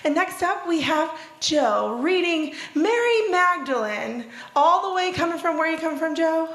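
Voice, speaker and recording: A woman's voice: very high-pitched, lively intonation, a little slow, fairly bright tone. A woman emceeing a talent show event, chatty and bantering with performers. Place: seminary event room. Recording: roomy echo, faint noise.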